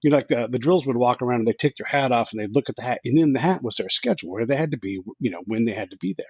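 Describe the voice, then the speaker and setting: A man in his fifties tells a story as a podcast guest, rattling along quickly with a husky edge. He keeps restarting himself and acting out quoted lines. The sound is dry and a little dull. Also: medium pitch, a little mellow, dry recording. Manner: rambling, with many restarts and quoted asides. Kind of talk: casual storytelling.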